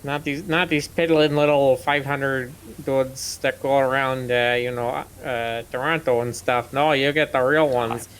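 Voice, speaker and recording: A man's voice: mid-range voice, little pitch movement, a little slow, few pauses, fairly bright tone, smooth, lightly acted. A man doing a boastful folksy prairie guy. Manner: folksy tall-tale boasting with fillers.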